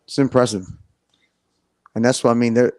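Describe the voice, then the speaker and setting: A man, a head soccer coach chatting as a radio guest, easygoing and laughing often, halting as he talks. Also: mid-range voice, flat delivery, darkish tone, no room sound. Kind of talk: casual radio chat.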